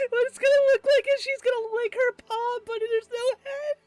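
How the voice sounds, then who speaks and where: A woman at a tabletop role-play session with a high voice, giggling and playful as she describes what her character does. She talks slowly, and faint music plays behind her. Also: fairly even intonation, a little mellow, no room sound. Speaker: player.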